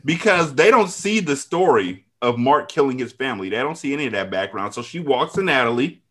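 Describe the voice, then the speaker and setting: A man hosting a podcast, recapping an episode in a casual, profane, storytelling way with quick asides. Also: mid-range voice, lively intonation, fairly bright tone. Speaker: podcast host.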